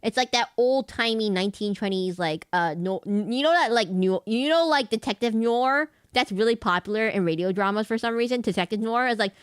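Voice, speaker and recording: A woman's voice: a little high, a little fast, few pauses, clear, resonant tone, no room sound. A woman streaming a video game, chatting casually in a rambling, self-correcting way. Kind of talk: casual gameplay chat.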